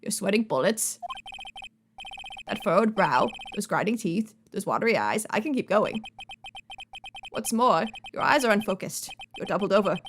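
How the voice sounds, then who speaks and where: A woman's voice: medium pitch, expressive, moderate pace, long pauses, a little hiss or hum. A woman co-hosting a let's play, reading game dialogue aloud with playful, jokey asides.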